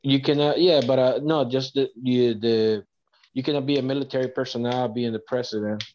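A man co-hosting a casual podcast, speaking haltingly with many restarts. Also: medium pitch, fairly even intonation, darkish tone, muffled recording, slight background noise.

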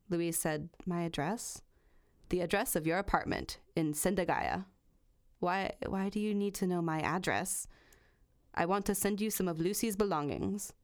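A woman hosting a true crime podcast, reading a long passage aloud and then chatting casually, swearing freely. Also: lowish voice. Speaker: podcast host.

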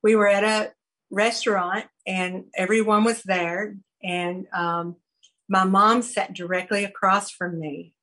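A woman giving a personal recovery testimony, earnest and halting, with many fillers and restarts. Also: mid-range voice, level tone, fairly bright tone, poor audio. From American South. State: briefly choked up. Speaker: recovery program speaker sharing her story.

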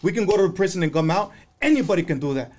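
A middle-aged man speaks in a raised, high-set voice, telling his own story with rising passion. He talks in casual conversation and swears freely as he makes his points. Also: animated, fast talker, a little mellow. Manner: impassioned, profane storytelling.

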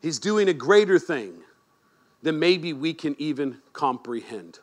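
A man preaching a sermon as pastor, animated and joking, moving from quiet asides to shouted emphasis. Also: on the high side, unhurried. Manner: joking, teasing the congregation.

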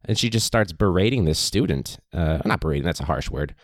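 A man's voice: rumbling low, animated, brisk, no echo, studio quality. A man, a teacher, hosting his podcast in a casual, rambling monologue full of fillers. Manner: chatty, rambling, many fillers.

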